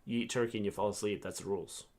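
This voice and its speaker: A man's voice: on the low side, fairly even intonation, rapid-fire, darkish tone. A middle-aged man co-hosting a casual chat, teasing and joking in easy banter. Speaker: co-host.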